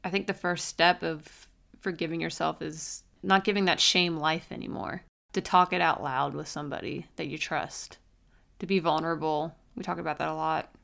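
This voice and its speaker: A woman co-hosting a casual faith podcast, speaking calmly and reflectively. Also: sits low, moderate pace, vocal fry. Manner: calm, reflective, finishes the other's thoughts. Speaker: podcast co-host.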